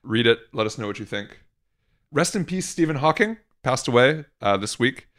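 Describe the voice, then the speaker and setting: Male podcast co-host, animated delivery, dry sarcastic commentary on news. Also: medium pitch, normal speed. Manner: reads news items aloud with sarcastic asides. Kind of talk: casual news chat.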